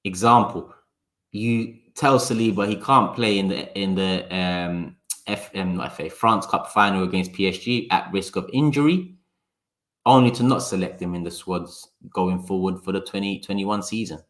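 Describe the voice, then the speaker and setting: A lowish-voiced man hosts a casual livestream, reacting to viewers' comments. His talk is sarcastic and loose, with swearing and bursts of quick words. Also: a bit bright. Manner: sarcastic, talks fast in bursts; swears, chats to viewers by name. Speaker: livestream host. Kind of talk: casual live-stream chat.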